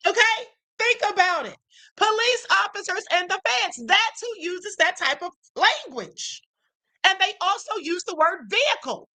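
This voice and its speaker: Woman, livestream host, high and bright voice, animated, rhetorical questions, casual commentary. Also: poor audio. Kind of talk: casual commentary reading texts aloud.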